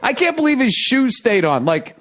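American man, high voice, podcast host, casual story, profane, laughing. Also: moderate pace, crowd noise. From United States. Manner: animated, profane, laughing often through the telling.

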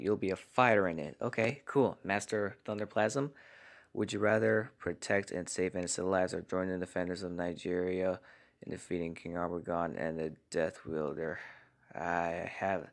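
A man hosting a casual comment-reaction vlog from his home garage, talking in a hushed voice to keep quiet. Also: deep voice, gravelly. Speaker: channel host reading viewer comments.

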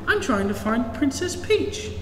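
Man doing a squeaky frightened princess. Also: big pitch swings, unhurried, full character voice. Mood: eager. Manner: squeaky high falsetto. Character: frightened young princess, sweet and breathless. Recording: echoey hall, distant mic, hiss.

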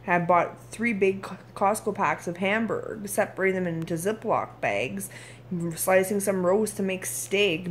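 A woman's voice: mid-range voice, a little hiss or hum. A woman in her thirties from Canada, talking frankly in a casual video diary, tired and irritable, now and then swearing. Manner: candid, frank, occasionally swears. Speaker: vlogger.

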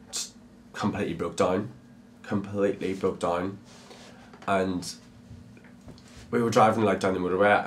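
A young man, a drag performer telling his own story in a documentary interview, halting and repeating words with many fillers. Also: lowish voice, a little hiss or hum.

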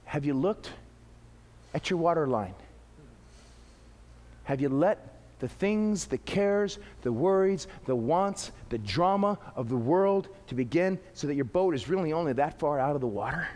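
Brief: male preacher, high-pitched and animated, long church-hall reverb. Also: unhurried. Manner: animated, acting out little scenes. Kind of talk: sermon.

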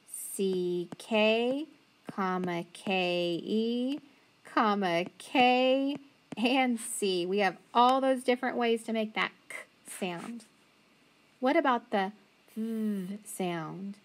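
A woman teacher giving a phonics lesson to young children, sounding out letters slowly and praising answers with a patient, encouraging manner. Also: mid-range voice.

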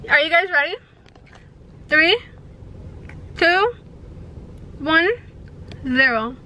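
A woman's voice: high-pitched, unhurried, background noise. A young woman vlogging casually, chatty and giggly, talking with a slight lisp from her retainers. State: pregnant. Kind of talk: casual vlog chat.

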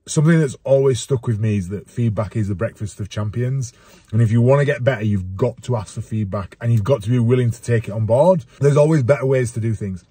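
Talking to camera from his car during the school run, this vlogger and dad keeps things upbeat and motivational, like a coach in casual chat. His mid-range voice is mellow with a breathy edge, recorded dry.

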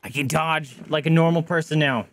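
A man streaming a video game, reacting loudly and excitedly to a fight as he plays. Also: a little high, moderate pace, creaky, no room sound. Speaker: gaming streamer. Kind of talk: let's-play commentary. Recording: game music underneath.

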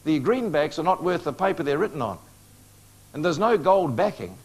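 A man's voice: a little high, very animated, normal speed. A man preaching a prophecy lecture to a live audience, coaxing responses with questions and joking asides.

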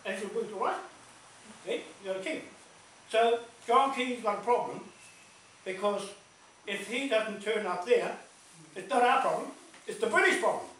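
Telling stories to a community meeting in a big hall, this man speaks in a high, slightly bright voice at a moderate pace, leaving long pauses. He's emphatic, repetitive, and laughs between points; the sound is echoey and distant with faint noise.

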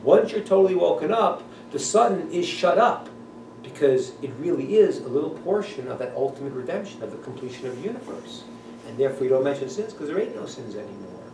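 Man, rabbi, teaching a class, high lively voice, echoey classroom, distant mic. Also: fairly quick. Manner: animated, acts out voices, laughs often. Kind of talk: class lecture. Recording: echoey room, voice from a distance, faint noise.

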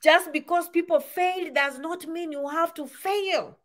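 A woman's voice: very high voice, unhurried, few pauses, a bit bright. A woman giving casual advice to camera, full of rhetorical questions and repeated points. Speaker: immigration advice vlogger.

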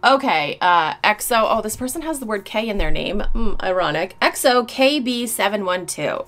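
Reading out mean comments in a casual vlog, a woman YouTuber fires back with blunt sarcasm and plenty of profanity. She speaks at normal speed in a mid-range, animated, slightly bright voice.

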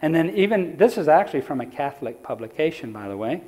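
Higher-voiced preacher, chatty lecture sermon. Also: male voice, big pitch swings, quick pace, dark tone. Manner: conversational, asks the audience questions. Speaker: evangelist. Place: church.

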